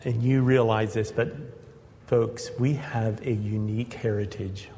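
A man's voice: fairly low pitch, fairly even intonation, a little slow, warm tone, big-room sound, a little hiss or hum. A man preaching a sermon to his congregation in an earnest manner, building to emphatic peaks.

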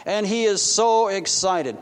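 A man preaching a sermon, telling a story and acting out dialogue with quick voice shifts. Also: high voice, animated, clear, resonant tone, in a large hall. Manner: acts out dialogue with quick voice shifts, restarts often.

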